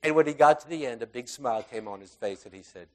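A man's voice: medium pitch, fast talker. Man telling stories in a casual sermon. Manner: conversational, animated storytelling with fillers and quoted voices. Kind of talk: sermon storytelling.

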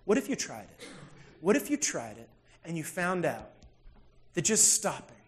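A pastor with a notably high voice preaches in a relaxed, storytelling way. He drops to near-quiet asides, then bursts out loud. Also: normal speed, a little hiss or hum. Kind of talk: sermon with personal storytelling.

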